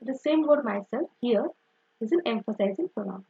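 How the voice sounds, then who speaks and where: A woman's voice: a little high, lively intonation, moderate pace, warm tone. A young woman teaching grammar, explaining step by step and often saying "okay" and "so" as she corrects herself. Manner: repetitive, uses "okay" and "so" often, self-correcting. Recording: dull lo-fi recording.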